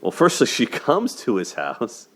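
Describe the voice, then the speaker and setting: This dating and movie commentary host talks through a film's romance in an unhurried, chatty manner, his mid-range, slightly bright voice swooping wildly in pitch. He frequently checks in with "right?" and laughs along the way.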